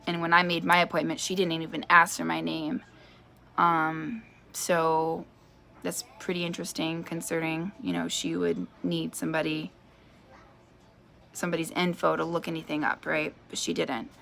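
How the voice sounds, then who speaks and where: A woman's voice: low voice, moderate pace, vocal fry, fairly bright tone, a little hiss or hum. A woman in her thirties telling a personal story in a vlog, chatty, with lots of fillers. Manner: chatty, lots of fillers, acts out quoted voices. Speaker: vlogger.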